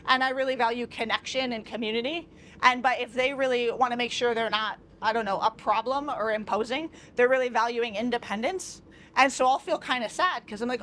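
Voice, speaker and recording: A woman's voice: a little high, a bit bright, a little hiss or hum. A young adult woman leading a workshop on a train in a chatty, informal way, often acting out quoted dialogue. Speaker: workshop facilitator. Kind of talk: casual workshop teaching. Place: train car with a view.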